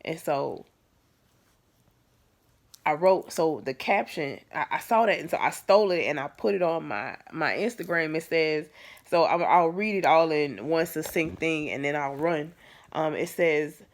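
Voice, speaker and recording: A woman's voice: low voice, unhurried. A woman telling a painful personal story to camera in a casual, candid way, full of fillers and restarts. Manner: conversational, many fillers and restarts, swings from soft to emphatic. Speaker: vlogger.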